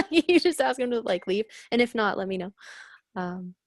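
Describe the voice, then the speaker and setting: A woman's voice: a little high, very animated, unhurried, no room sound, studio quality. A woman energy healer and coach on a live stream, talking in a spontaneous, upbeat, chatty way. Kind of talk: casual live stream chat.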